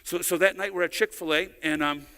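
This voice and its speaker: A man's voice: high-pitched, fairly even intonation, brisk, bright, forceful tone, a little hiss or hum. A middle-aged male pastor preaching a sermon in a church, telling stories conversationally and often repeating words as he goes. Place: church sanctuary. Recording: long hall reverb.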